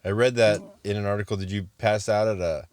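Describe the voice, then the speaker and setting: A man's voice: on the low side, steady tone, brisk, darkish tone, smooth, dry recording. A man co-hosting a podcast, asking curious questions in a casual chat.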